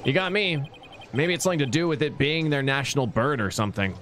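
A man's voice: mid-range voice, fast, noisy background. A man streaming a game, reading its dialogue aloud in a casual, jokey way.

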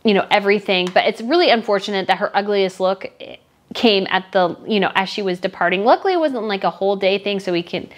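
A woman's voice: mid-range voice, quick pace. A woman talking casually as a royal fashion commentator, chatty and opinionated, gushing over some looks and blunt about others. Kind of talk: casual chat.

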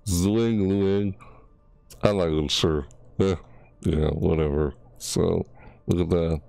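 A man's voice: sits low, steady tone, takes it slowly, gravelly, pauses often, warm tone, no echo, faint music behind. A man hosting a gaming channel and showing off new items in casual commentary. He gushes, gasps and yelps at what he sees, and stumbles over names. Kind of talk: casual game showcase commentary.

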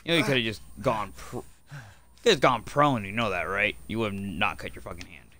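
A young man streaming a horror game, cursing constantly and swinging between loud outbursts and muttered asides. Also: on the low side, brisk, a little hiss or hum. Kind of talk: casual gameplay commentary.

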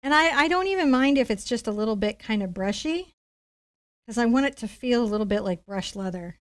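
A middle-aged woman leads a live-streamed painting lesson. She tells stories in a chatty, animated way and laughs often. Her voice sits fairly high. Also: brisk. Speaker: painting instructor.

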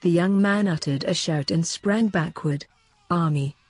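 A woman narrating an audiobook in a steady, formal reading style. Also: fairly low pitch, moderate pace, breathy edge, no room sound. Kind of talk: scripted narration.

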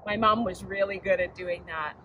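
An older woman giving a children's message at church, chatting gently and asking the children questions. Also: on the low side, fairly even intonation, normal speed, phone-quality sound, slight background noise. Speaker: church children's time speaker.

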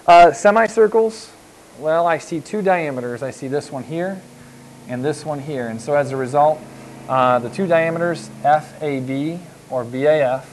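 A man's voice: fairly high pitch, a little mellow, a little hiss or hum, poor audio. A man teaching a geometry lesson as a recorded lecture, patient and repetitive, with frequent fillers as he walks through examples on the board. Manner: patient, repeats himself, frequent "uh" and "okay". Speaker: math teacher.

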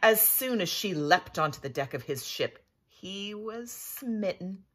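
A woman reading a picture book aloud as storyteller, expressive and playful. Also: mid-range voice, unhurried.

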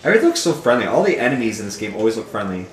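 This fairly low-pitched man talks very fast, with slight background noise, as he co-hosts a charity gaming stream. Joking and animated, he keeps up casual chat during play and drops into goofy voices now and then, all in an echoey room with game music behind him.

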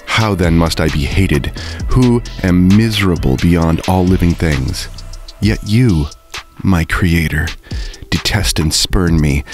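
An eloquent, anguished creature pleads with his creator in solemn, formal speech, as a man reads him aloud. The voice is deep and low. Quiet music runs faintly underneath. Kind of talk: book reading.

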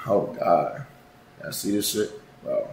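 A man streaming live, chatting casually with his viewers in a loud, profane, joking and rambling way. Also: on the low side, animated, slow pace, gravelly, slight background noise. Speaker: livestreamer. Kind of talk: casual livestream chat. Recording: roomy echo.

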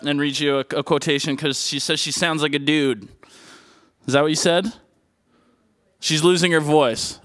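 A male host working a live spoken-word stage, joking and rambling playfully. His voice is bright and smooth and sits somewhat high. The sound is dry and close on the mic. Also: dry recording.

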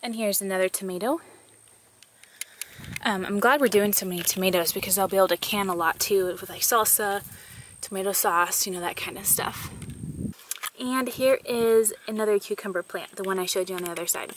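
This garden-tour vlogger speaks at a medium pitch, brisk and somewhat bright, with a faint hiss or hum on the recording. Slightly winded, she walks and chats in an upbeat way outside, dropping fillers and light laughs.

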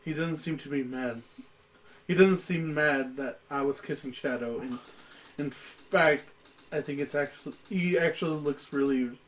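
A man's voice: a little high, measured pace, rough recording. A man reading a fanfiction story aloud in a giggly, stumbling way, with music playing behind him. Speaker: fanfiction reader.

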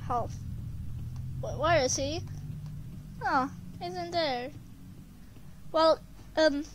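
A woman commentating her gameplay, excitable and prone to screaming when chased. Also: very high voice, a little hiss or hum. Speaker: gamer.

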